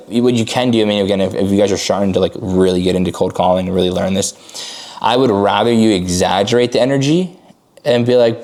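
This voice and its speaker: A man with a darkish tone runs a sales coaching call, talking fast and casually with lots of "like" fillers. He bursts into high energy whenever he acts out calls.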